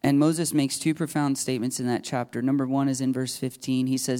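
A man's voice: mid-range voice, level tone, fast talker, few pauses, dark tone. A middle-aged man preaching a sermon in a conversational, emphatic way, acting out the voices he quotes. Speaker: pastor.

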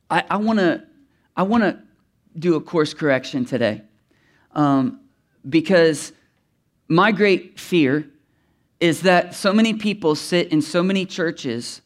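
A man preaching a sermon as pastor to his congregation in church, earnest and emphatic, often restarting his sentences. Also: a little high. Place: church before a live congregation.

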